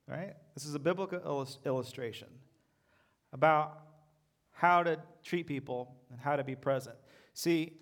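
A man pastor giving a sermon in a relaxed, conversational way, joking at his own expense. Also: on the high side. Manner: relaxed, conversational preaching with humor.

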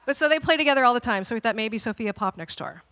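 A woman pastor in her thirties telling a family story during a sermon, animated and dramatic, with playful asides. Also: a little high, quick pace, in a large hall.

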